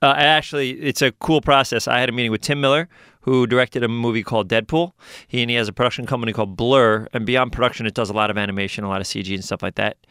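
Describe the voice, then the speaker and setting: Fast-talking man. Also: medium pitch, smooth, no room sound, studio quality. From New York. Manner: fast-talking, animated storyteller. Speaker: voice actor guest. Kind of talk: casual interview talk.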